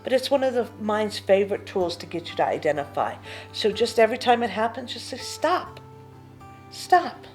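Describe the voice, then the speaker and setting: A woman giving a gentle spiritual teaching talk, unhurried and often sinking to a hushed near-whisper. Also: medium pitch, lively intonation, faint music behind.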